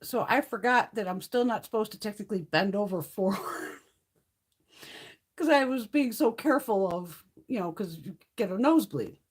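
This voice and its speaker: Husky woman chatting on a livestream. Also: mid-range voice, expressive, moderate pace. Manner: swears freely, laughs through stories. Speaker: livestream host. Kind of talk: casual chat.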